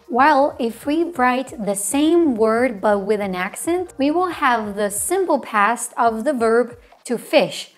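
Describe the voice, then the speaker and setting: A woman narrating a scripted language lesson at an unhurried, deliberate pace, her voice sitting a little high. She spells out letters one by one with care, and faint music plays underneath. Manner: slow, careful spelling out of letters. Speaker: language teacher.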